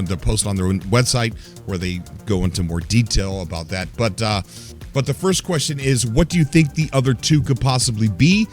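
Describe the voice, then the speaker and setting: A young man hosting his own gaming channel, talking casually and cheerfully to viewers with a grin in his voice and frequent fillers. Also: on the low side. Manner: upbeat, smiling, rambling with fillers. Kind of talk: casual solo video commentary.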